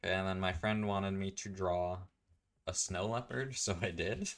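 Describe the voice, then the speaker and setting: A man's voice: deep voice, moderate pace, a bit bright. A man giving an offhand, rambling commentary as he flips through his sketchbooks. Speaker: artist streamer.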